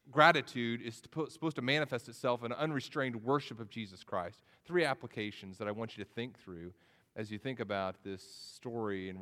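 A man's voice: medium pitch, pushed and bright. A man preaching a sermon as pastor, earnest, often repeating words and restarting, his voice rising when he pleads. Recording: long reverb of a hall.

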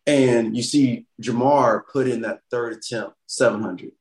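A man's voice: medium pitch, measured pace. Laid-back guest man in a roomy space. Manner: relaxed, filler-heavy, lots of "like". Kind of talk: casual podcast chat.

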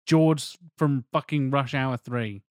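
A man's voice: medium pitch, slow pace, no echo, studio quality. A man co-hosting a casual film podcast, reading out the plot with sweary, wry asides. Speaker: podcast co-host. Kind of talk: casual film review chat.

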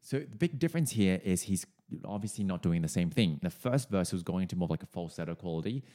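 Lowish-voiced male singing coach explaining. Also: animated, quick pace, warm tone, faint music behind. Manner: friendly, explanatory, with casual fillers. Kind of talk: explaining a song's vocals to viewers.

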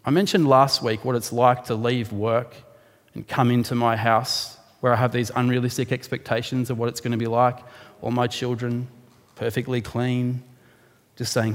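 A man preaching a sermon, explaining a Bible passage in an animated way and rising sharply for emphasis. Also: medium pitch, normal speed. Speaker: pastor. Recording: long hall reverb.

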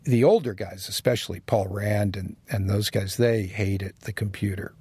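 A man's voice: fairly low pitch, normal speed, dark tone, slightly rough, dry recording. A man being interviewed as a designer, talking casually and reflectively and chuckling as he tells anecdotes. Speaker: guest designer.

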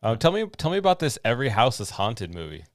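A man co-hosting a podcast, chatting casually about new movies in a relaxed, conversational way. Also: medium pitch, fast, dry recording, studio quality. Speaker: podcast co-host.

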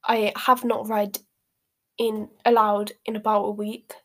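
A woman's voice: medium pitch, little pitch movement, measured pace. A woman reading a novel aloud as an amateur, apologising for her slips. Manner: apologetic, self-deprecating slips. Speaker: amateur reader.

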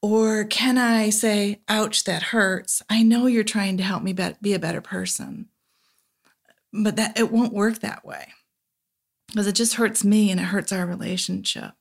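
A woman, a therapist, talking through an idea in a relaxed podcast chat, now and then acting out quoted voices softly. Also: medium pitch, normal speed, vocal fry. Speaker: therapist guest. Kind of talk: casual podcast conversation.

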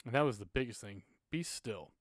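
A man in his thirties speaks in a casual podcast conversation, earnest and open as he tells personal stories. His voice is mid-pitched and recorded dry and close, with no room sound. At times he gets emotional. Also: expressive, fairly quick, no echo. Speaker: podcast guest, church music minister.

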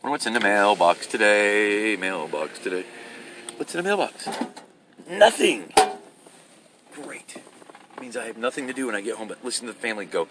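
A man's voice: lowish voice, very animated, moderate pace, pauses often, background noise. A man hosting a solo podcast from his car as he drives, delivering a profane, rambling, sarcastic rant. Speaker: podcast host. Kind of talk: ranting solo podcast while driving. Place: car while driving.

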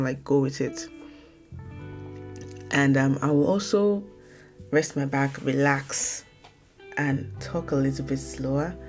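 A young woman from Nigeria hosting her own casual podcast, talking fast and rambling, often correcting herself mid-sentence. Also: a bass voice, a little mellow. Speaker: podcast host. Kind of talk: casual solo podcast talk.

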